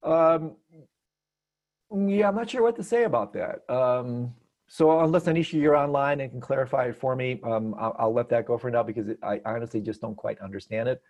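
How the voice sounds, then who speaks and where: A man giving an online teaching talk on a video call, telling stories in an animated way and laughing often. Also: medium pitch, fairly quick. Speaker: meditation teacher.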